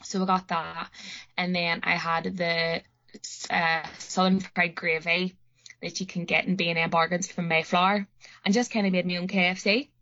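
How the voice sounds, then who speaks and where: Woman, Northern Irish accent, young adult, anxious rambling chat, low-ish pitch, dull lo-fi sound. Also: flat delivery, moderate pace, bright, forceful tone. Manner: anxious, rambling, lots of fillers. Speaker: podcast co-host. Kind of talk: casual chat. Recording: muffled lo-fi audio.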